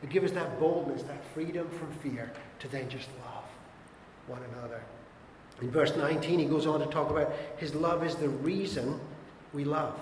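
Exhorting pastor in an echoey hall. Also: male voice, a little high, moderate pace, a little hiss or hum. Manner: emphatic and exhorting, with repeated short urgings. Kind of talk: sermon. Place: church hall. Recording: echoey church hall with long reverb.

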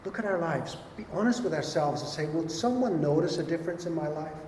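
A man's voice: a little high, animated, brisk, darkish tone, slight background noise. A man preaching a sermon, earnest and emphatic, often repeating his points. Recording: echoey hall with long reverb.

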